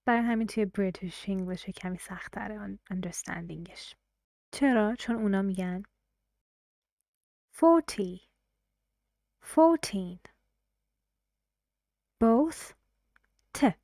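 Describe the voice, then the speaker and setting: A woman teaching English pronunciation in a recorded lesson. She explains patiently and repeats example sentences slowly. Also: mid-range voice, creaky, mellow, dry recording, clean studio sound. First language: Persian.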